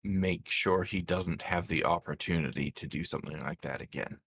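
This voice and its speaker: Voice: low-pitched, moderate pace, fairly bright tone, breathy edge, no room sound. A player in a tabletop game, speaking hesitantly with many fillers.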